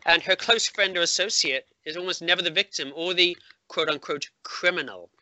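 A man's voice: on the high side, fairly quick, sharp tone, a little hiss or hum. A man hosting a podcast over a video call, casually chatting and spinning a mock-serious theory with playful delivery. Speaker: podcast host. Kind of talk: casual chat.

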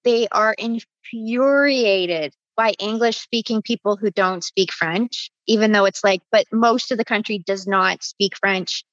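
A woman from Canada hosting a casual podcast chat, blunt and quick to swear. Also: medium pitch, a bit bright, dry recording, lo-fi sound. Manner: blunt, swears freely, quick back-channel replies. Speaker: podcast host.

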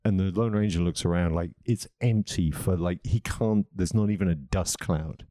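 A man's voice: sits low, moderate pace, mellow, no echo, studio quality. A man co-hosting a casual comedy podcast, a playful joke-teller who eggs the others on.

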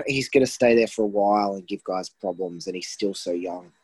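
A man's voice: fairly low pitch, expressive, normal speed, husky, no room sound, poor audio. An Australian man co-hosting a podcast, laid back and full of "you know", on a patchy remote call. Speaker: podcast co-host. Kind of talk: casual chat. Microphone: remote call, patchy line.

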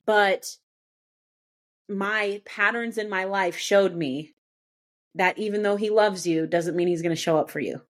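A woman speaking as a guest on a live Christian panel, giving an earnest, heartfelt testimony with halting restarts. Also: mid-range voice.

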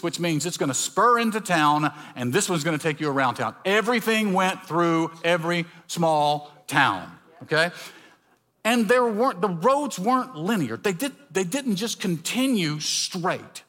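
A middle-aged man preaches, weaving in personal stories. His bright, forceful voice sits a little high, and he drops into other voices to act out the people in his tales. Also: normal speed. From Mississippi. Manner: storytelling, animated, acts out dialogue with voice changes. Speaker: pastor.

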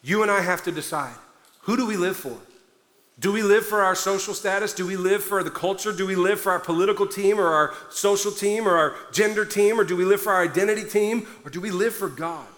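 A pastor preaches fairly quickly in a high, bright, forceful voice, hammering each point with fervent emphasis as it rings through a large church hall with a long reverb trail. He sounds somewhat out of breath as he pushes on.

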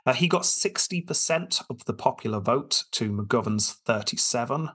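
A man's voice: mid-range voice, lively intonation, normal speed, fairly bright tone, slightly rough. A man hosting a casual history podcast, telling the story with quotes and dry asides.

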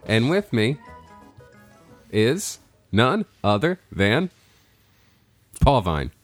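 A man's voice: mid-range voice, very animated, extremely slow, soft background music. A man hosting a podcast in casual, joking chat, rambling with lots of fillers. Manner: playful, rambling with many fillers. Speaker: podcast host.

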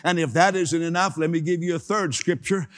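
A man's voice: fairly high pitch, fairly quick, fairly bright tone, big-room sound. A man preaching a sermon, emphatic, repeating key phrases and asking the congregation to say them with him.

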